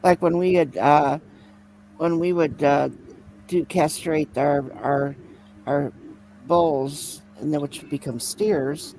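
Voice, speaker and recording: Man, raspy fry, slow hesitant talker, conversational. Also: a little high, fairly even intonation, darkish tone, a little hiss or hum, poor audio. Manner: halting, hesitant, searching for words. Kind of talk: casual chat.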